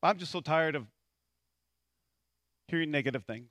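Fired-up preaching man, high bright voice. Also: moderate pace, slight background noise. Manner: fired-up preaching that swings from soft to shouted; joking asides to the congregation. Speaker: pastor. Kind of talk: sermon.

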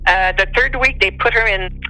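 A woman's voice: medium pitch, normal speed, rough recording. A woman from Montreal, a native French speaker with a Quebec French accent, telling a personal story with emotion. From Montreal, Canada. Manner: emotional, animated, voice rising on quoted speech. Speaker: storyteller guest.

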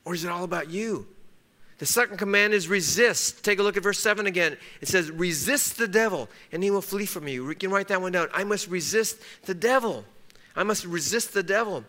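A man delivers a sermon from the pulpit, his voice pitched high and ringing with a bright, forceful edge. He drives each point home by repeating it and acts out quoted lines within his stories. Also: brisk. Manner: emphatic, repeats key phrases, acts out quotes in story. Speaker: pastor.

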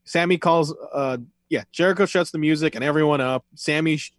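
A man's voice: on the high side, a little fast, no echo. A man co-hosting a podcast, chatting casually and rambling with lots of fillers and offhand swearing. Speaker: podcast co-host recapping wrestling. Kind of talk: casual chat.

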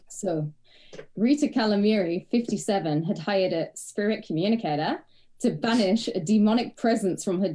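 A woman's voice: fairly low pitch, dark tone. An English woman co-hosting a podcast, chatting in a frank, wry, sweary way. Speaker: podcast co-host. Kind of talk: casual comedic chat.

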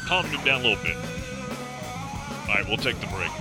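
With music underneath, a middle-aged radio talk show host speaks briskly in a lowish voice with lively intonation. He tells a folksy story in a chatty, casual manner, often repeating and restarting phrases.

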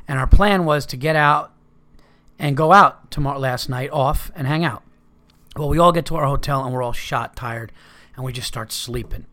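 A man swaps road stories in a loose, rambling way and drops profanity as he goes. His voice sits in an ordinary middle pitch, and he talks it through the way you'd tell a buddy what happened last night. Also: a bit bright. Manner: rambling, profane, laid-back anecdotes. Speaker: podcast host. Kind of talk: casual storytelling.

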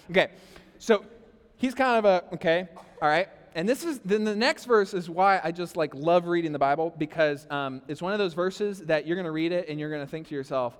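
A man preaching a sermon as pastor, animated and conversational, talking straight to the congregation. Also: sits high, moderate pace, clear, resonant tone, long reverb tail. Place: church hall.

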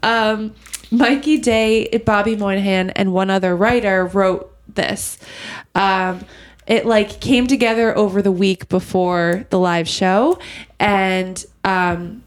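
A woman's voice: mid-range voice, steady tone, slow pace. A woman chatting casually as a podcast host, giggly and rambling with many fillers. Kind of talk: casual chat.

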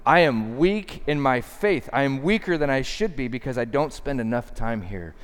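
A man preaching a sermon with fervent, repeating bursts that drop low and quiet when he quotes Jesus. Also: expressive, normal speed, clean tone. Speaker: pastor. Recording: long hall reverb.

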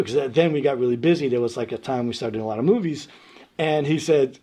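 A man from New York telling stories as a guest in a casual interview, animated and chatty, laughing often. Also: medium pitch, fast talker. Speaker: guest musician.

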